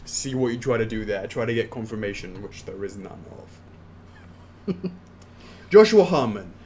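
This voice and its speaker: A man's voice: medium pitch, a little mellow, slight background noise. A man hosting a casual Q&A stream, reading viewer questions aloud and answering them offhand. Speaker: host answering fan questions. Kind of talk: casual livestream Q&A.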